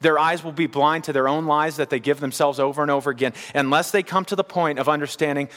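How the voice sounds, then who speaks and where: Earnest preacher in a reverberant hall. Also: male voice, on the high side, steady tone, quick pace, fairly bright tone. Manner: earnest, pleading, repeats phrases for emphasis. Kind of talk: sermon.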